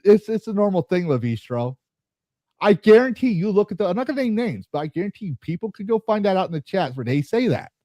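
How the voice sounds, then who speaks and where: Talking fast with few pauses, a podcast host and streamer fires off an angry, profanity-laced rant about gaming, often repeating and restarting. His high voice is animated and warm, with no room sound in the audio.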